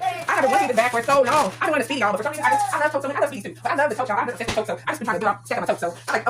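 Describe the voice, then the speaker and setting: A woman talks very fast through an unboxing. Her voice sits a little high, and she fills her chatter with fillers and calls of "y'all". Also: poor audio. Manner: chatty, excited, many fillers, says "y'all". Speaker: vlogger. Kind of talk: casual unboxing vlog.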